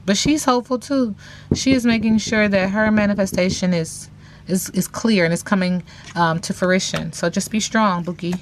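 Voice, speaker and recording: A woman's voice: medium pitch, moderate pace, a little hiss or hum. A woman giving a casual tarot reading, talking in a sassy, slang-heavy way with playful teasing asides to viewers. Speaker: tarot reader.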